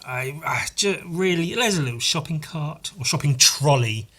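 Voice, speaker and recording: A man's voice: a little high, expressive, normal speed, fairly bright tone. A young British man hosting a casual solo podcast, rambling and sarcastic, swearing often and jumping up into silly voices. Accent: British English. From Britain. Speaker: podcast host.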